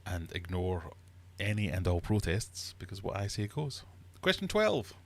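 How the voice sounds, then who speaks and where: Low-voiced teasing quizmaster man. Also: steady tone, moderate pace, darkish tone. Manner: playful, teasing, mock-uppity. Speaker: livestream host and quizmaster. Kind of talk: live-streamed quiz chat. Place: fish room.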